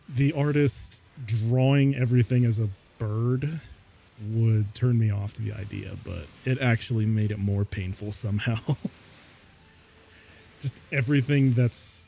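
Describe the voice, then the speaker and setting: A man's voice: medium pitch, dark tone, slight background noise. A man streaming live, chatting casually and rambling, often laughing between thoughts and saying "like" and "y'all" a lot.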